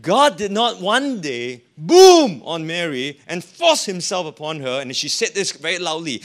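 A man's voice: sits high, big pitch swings, unhurried, hardly any pauses. A man preaching a sermon as a pastor, with an emphatic, rising and falling delivery.

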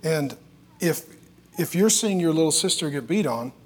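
A middle-aged male pastor preaching in a relaxed, conversational way, telling family stories and cracking self-deprecating jokes. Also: on the high side, moderate pace, slightly rough. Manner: joking, self-deprecating storyteller.

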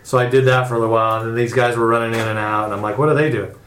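A man's voice: medium pitch, steady tone, rapid-fire, fairly bright tone. Middle-aged man, podcast regular, loose profane rambler, recorded in an echoey room with faint hiss. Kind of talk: casual chat.

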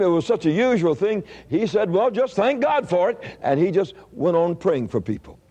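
Older male preacher, storytelling sermon, lively pitch, warm husky tone. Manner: folksy storytelling with frequent restarts.

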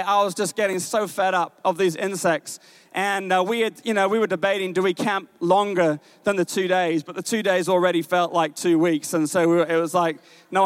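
High-voiced storytelling male preacher. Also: smooth, no echo. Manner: animated storytelling, many repeated words and restarts; rises in pitch and slows when exhorting. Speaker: pastor. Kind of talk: sermon with personal stories. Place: church stage.

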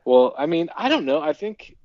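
A man from Iowa, a podcast guest, chatting and telling stories with animated quoted voices. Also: on the high side, normal speed, no room sound, lo-fi sound. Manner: chatty storyteller, animated quoting. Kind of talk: casual podcast chat.

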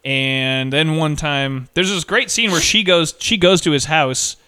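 A man co-hosting a casual movie podcast, retelling plots in a halting, rambling way with many restarts. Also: on the high side, bright, forceful tone, clean tone. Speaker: podcast co-host.

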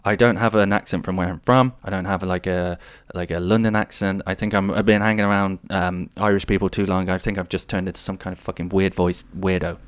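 Brief: young guy, low voice, rambling podcast host, swears a lot, dry close mic. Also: a little fast, few pauses, dry recording. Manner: rambling, animated, swears freely. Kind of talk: casual solo storytelling monologue.

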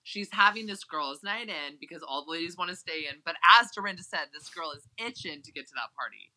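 Very bright, excitable podcast voice. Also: mid-range voice, fairly quick, low-quality recording. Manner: emphatic, excitable recaps. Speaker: podcast co-host. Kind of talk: casual chat.

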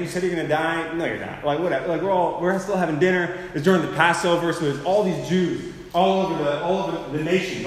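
A young man giving a casual sermon, full of slang, who acts out the people in the story as he tells it. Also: on the high side. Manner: slangy and conversational, full of "dude" and "like". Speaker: youth speaker at a church. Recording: echoey hall with faint ambience.

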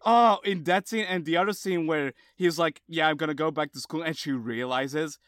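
A man's voice: a little high, moderate pace, fairly bright tone, no room sound, studio quality. A man in casual chat, emphatic and exclaiming, swearing heavily.

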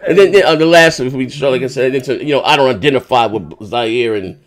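A man hosting a podcast in casual chat, rambling and swearing as he retells a dispute with animated indignation. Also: mid-range voice, fast talker. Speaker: podcast host.

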